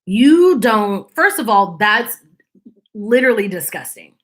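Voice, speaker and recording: A woman's voice: mid-range voice, very animated, measured pace. A woman hosting her channel, talking casually to viewers in an exasperated, sarcastic, opinionated way. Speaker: channel host.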